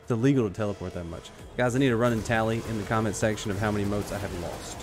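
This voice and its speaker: A man giving live commentary while playing an online shooter, excitable and joking, trash-talking his opponents. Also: fairly low pitch, very fast. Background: faint background music.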